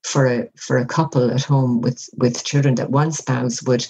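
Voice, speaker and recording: Measured woman with a husky mellow voice. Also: rumbling low, steady tone, rough recording. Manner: measured, reflective, often acts out example dialogue. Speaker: workplace wellbeing guest. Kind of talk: conversational podcast interview.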